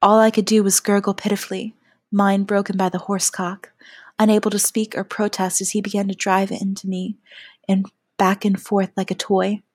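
A woman narrating a first-person adult audio story in a soft, often half-whispered delivery. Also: mid-range voice, level tone, normal speed, slightly rough, dry recording.

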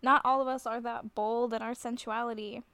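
A woman's voice: a little high, little pitch movement, normal speed, bright, forceful tone, clear, resonant tone, no echo. A woman in a scripted audio role-play, flustered and self-conscious, often laughing nervously as she talks to the listener. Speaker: nervous woman talking to a friend on the phone.

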